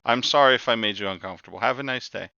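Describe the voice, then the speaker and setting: A man voicing a polite, apologetic female shop clerk in a tabletop game, flustered and quick to say sorry. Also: medium pitch, gravelly, bright, forceful tone, smooth, dry recording, highs cut off.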